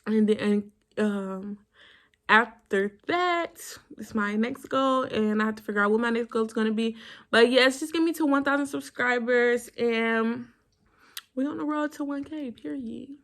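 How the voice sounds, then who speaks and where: A woman's voice: a little high, measured pace. A young woman in her twenties chatting casually to the camera, rambling through a story time outro with plenty of fillers. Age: 20s. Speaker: vlogger.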